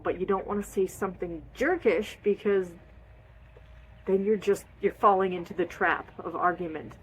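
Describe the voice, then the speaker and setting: A woman coaching on holistic wellness in a casual, expressive way, repeating short phrases and acting out feelings with sighs and little noises. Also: mid-range voice, moderate pace, breathy edge. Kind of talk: casual advice talk.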